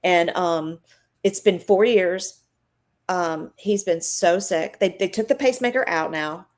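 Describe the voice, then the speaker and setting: A middle-aged woman with a slightly low voice talks as a live-stream guest. She tells her story in an earnest, emotional and chatty way. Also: unhurried, darkish tone.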